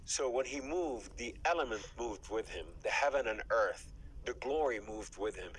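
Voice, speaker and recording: A man giving an emotional faith testimony as an interview guest, fervent, with his voice climbing high at its peaks and dropping to a whisper at times. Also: expressive, normal speed, a bit bright, low-quality recording. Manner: drops to a breathy whisper at times.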